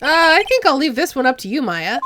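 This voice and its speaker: A woman voicing a hesitant young male lawyer with dry, halting replies. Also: high-pitched, sing-song, music in the background.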